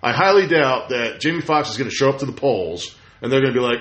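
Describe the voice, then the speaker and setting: A man chatting casually as a podcast host, telling stories with lively acted-out quotes. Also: mid-range voice, fast talker. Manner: animated storyteller, acts out quotes. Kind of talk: casual chat. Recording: roomy echo.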